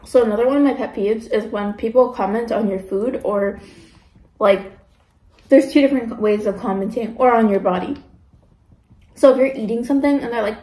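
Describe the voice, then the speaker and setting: A woman's voice: on the high side, moderate pace, mellow, roomy sound, rough recording. A young woman vlogging casually while eating, ranting about pet peeves with lots of fillers. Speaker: mukbang vlogger.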